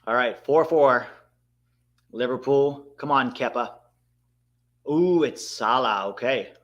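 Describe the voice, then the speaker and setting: Excitable man commentating a live watchalong. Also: medium pitch, slow pace, dull audio. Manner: excitable, bursts out at big moments, talks to chat. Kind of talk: live match commentary and chat.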